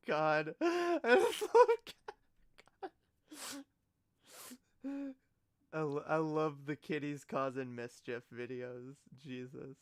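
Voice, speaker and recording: A woman's voice: a bass voice, clean tone, no room sound. A woman streamer in a casual live-stream reaction, giggly and gushing, often exclaiming and trailing off mid-sentence.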